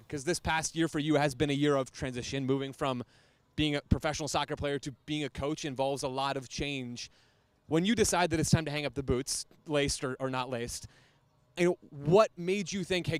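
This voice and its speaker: A man hosts a live podcast in an upbeat, joking way. His voice sits a touch high and comes through clear and resonant. The sound is dry with no room echo. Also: a little fast. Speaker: podcast host.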